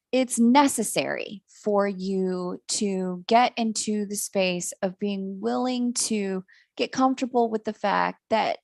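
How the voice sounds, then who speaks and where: A woman's voice: medium pitch, creaky, a little mellow, no echo, clean studio sound. A woman giving a live-streamed astrology reading, candid and self-mocking, who laughs often and swears casually. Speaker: astrology reader.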